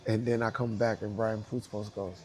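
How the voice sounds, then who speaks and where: A man with a New York accent, speaking to young dancers and telling animated stories with repeated emphasis and acted-out quotes. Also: fairly low pitch, moderate pace, a crowd in the background. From United States. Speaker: guest dancer speaking to students. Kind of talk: casual storytelling talk.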